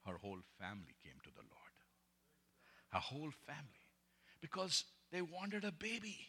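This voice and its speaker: A man preaching and telling testimony stories, swinging between hushed and loud, laughing often. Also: on the high side, slightly rough, in a large hall. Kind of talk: sermon storytelling.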